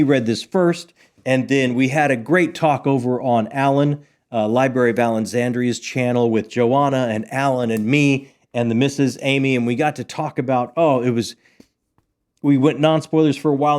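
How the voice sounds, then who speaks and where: A man's voice: medium pitch, darkish tone. A middle-aged man chatting casually about a book he loved, enthusiastic and rambling, with many fillers. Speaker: book channel host. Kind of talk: casual book review chat.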